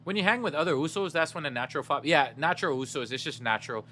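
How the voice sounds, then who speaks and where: A man's voice: on the high side, fast talker, pushed and bright, slight background noise. A young man streaming a game, chatting casually with his viewers in a laid-back, slangy way and laughing often.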